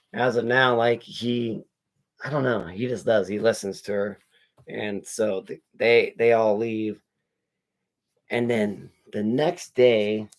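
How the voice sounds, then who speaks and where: Man, low voice, gravelly, rambling profane movie recap, casual unboxing chat. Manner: rambling, profane storytelling with quoted dialogue. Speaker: movie reviewer. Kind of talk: casual spoiler recap while unboxing comics.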